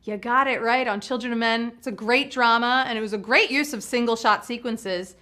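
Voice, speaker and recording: Bright bubbly woman hosting live trivia. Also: on the high side, brisk. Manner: bubbly, playful, hypes up players. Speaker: trivia game show host. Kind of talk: live game show hosting.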